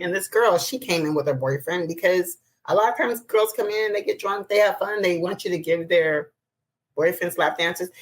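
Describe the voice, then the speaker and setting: A woman's voice: fairly low pitch, low-quality recording. A woman in her forties from Pasadena, California, a former exotic dancer, telling stories in a casual chat and acting out the people she quotes, laughing often. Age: 40s. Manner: animated storyteller, acts out quoted voices, laughs often.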